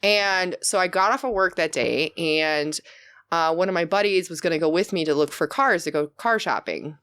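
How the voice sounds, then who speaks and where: A young woman, a podcast guest, telling stories in casual chat, animated and laughing, sometimes shouting as she acts out what she said. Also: on the low side, normal speed, clear, resonant tone. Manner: animated, laughing, swings into loud shouted retellings.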